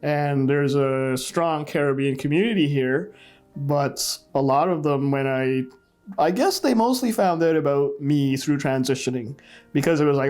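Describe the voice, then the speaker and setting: A man's voice: a little high, moderate pace, darkish tone, soft background music. A middle-aged man from Trinidad telling his story in an oral history interview, reflective and laughing wryly at painful memories. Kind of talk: personal storytelling.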